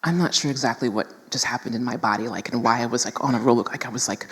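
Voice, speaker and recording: A woman with a low voice tells candid, emphatic stories to a live audience, often calling them "y'all." Her voice carries a long reverb, as if in a big hall. She is a panel guest from New York City. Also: quick pace, few pauses, a little hiss or hum. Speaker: guest speaker.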